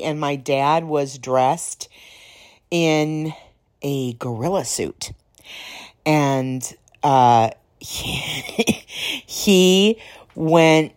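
Slow, low-voiced woman telling stories. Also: darkish tone. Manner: rambling, laughs while telling stories. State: slightly hoarse, clearing throat. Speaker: podcast host. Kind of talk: casual storytelling.

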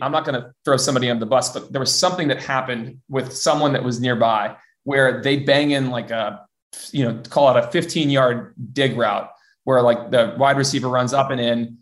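A young man at an ordinary middle pitch tells his story at an easy, conversational pace. He rambles, stacking "um" and "like" and restarting his sentences as he goes. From US West Coast. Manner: rambling, many fillers and restarts. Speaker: former college football player, guest. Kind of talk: casual interview storytelling.

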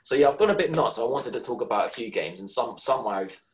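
A British man chatting casually as a podcast co-host. His pitch rises and falls a lot, and he rambles, stumbling and restarting his sentences as he goes. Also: animated, quick pace, rough recording. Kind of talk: casual gaming chat.

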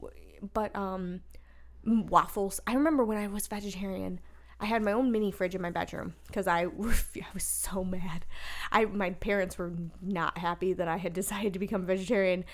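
A woman co-hosting a podcast, chatting casually and telling stories in an animated way. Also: mid-range voice, moderate pace. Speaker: podcast co-host. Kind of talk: casual chat.

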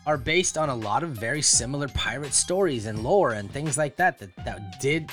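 Over soft background music, a podcast co-host chats casually in a medium-pitched, fairly bright voice with lively intonation and a moderate pace. He rambles, filling his talk with fillers and restarts.

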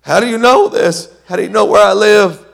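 A man's voice: fairly quick, vocal fry, exaggerated voice. A man doing a startled, bewildered man. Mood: alarmed. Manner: high, alarmed outbursts. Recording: long hall reverb.

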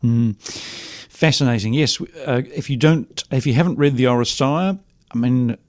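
A man's voice: medium pitch, normal speed, a little mellow. A man from New Zealand hosting a conversation, giving brief, hesitant replies. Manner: brief agreeing responses, hesitant. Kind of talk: conversational interview.

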